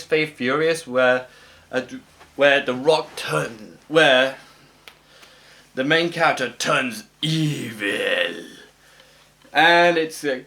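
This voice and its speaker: Male vlogger, slightly higher voice, casual film preview delivery with lots of fillers, dry opinions. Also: bright, forceful tone. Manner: hesitant, with many "uh"s and restarts; opinionated and wry. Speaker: movie vlogger. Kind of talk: casual movie preview talk.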